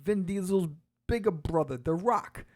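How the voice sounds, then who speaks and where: Animated higher-voiced male podcast host. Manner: animated, acts out quotes in quick voices. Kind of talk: casual comic book walkthrough.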